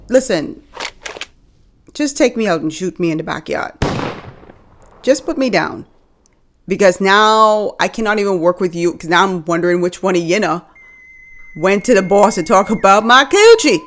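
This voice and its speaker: A young woman from the Bahamas chatting casually to camera as a video host, animated and joking, calling her viewers y'all. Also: lowish voice, moderate pace, long pauses.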